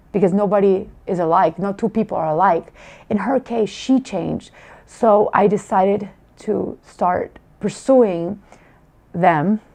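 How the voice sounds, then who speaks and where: A woman's voice: mid-range voice, warm tone. Heartfelt woman telling a family story. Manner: emotional, heartfelt, with many restarts. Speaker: parent giving a testimonial. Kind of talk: personal testimonial storytelling.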